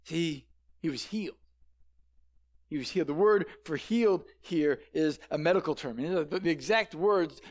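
A high-pitched man preaches a sermon in an animated, conversational style, frequently repeating words as he begins sentences. He's speaking into a headset microphone.

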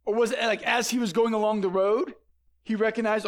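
A man preaching a sermon in an animated, conversational way, often repeating words as he starts a sentence, on a headset microphone. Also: high-pitched, brisk.

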